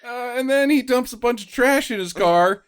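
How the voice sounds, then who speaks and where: A man's voice: very high voice, moderate pace, clean tone. A man hosting a casual movie-mocking podcast, laughing often and acting out characters in mocking voices. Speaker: podcast host. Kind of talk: casual movie-riffing chat.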